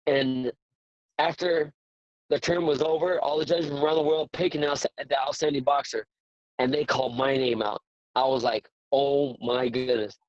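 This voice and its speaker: A man in his forties, a boxing trainer, telling stories as a guest in a casual interview with earnest, excitable repetition. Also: on the high side, normal speed, no room sound, highs cut off. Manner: earnest, excitable storyteller who repeats words.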